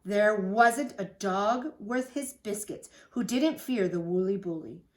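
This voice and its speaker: A woman's voice: mid-range voice, slow. A woman teacher reading a picture book aloud to children, with chatty asides to the kids. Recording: echoey room.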